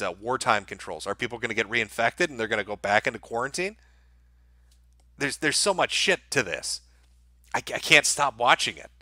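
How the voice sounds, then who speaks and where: A man with a medium-pitched, pushed, bright voice, recorded in studio quality with no echo. He hosts a livestream, reading out viewer donations and responding with blunt, sardonic commentary full of swearing.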